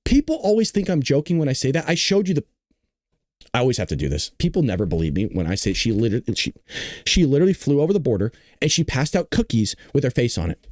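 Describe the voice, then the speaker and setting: A man's voice: mid-range voice, wildly swooping pitch, fast talker, darkish tone, no echo, studio quality. Man laughing through a mocking read. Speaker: podcast host. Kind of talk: commentary reading an article aloud.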